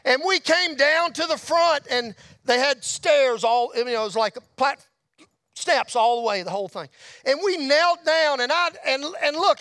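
A middle-aged man telling a testimony story in a church, folksy, dropping to a hush and rising to shouts. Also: very high-pitched, moderate pace, dry recording, clean studio sound. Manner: folksy storyteller, drops to a hush at tender moments, rises to shouts. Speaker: motorcycle ministry speaker. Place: church hall.

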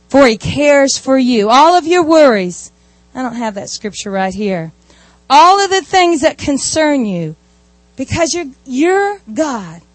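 High-voiced woman preaching. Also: dry recording. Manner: animated storytelling with asides. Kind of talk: sermon.

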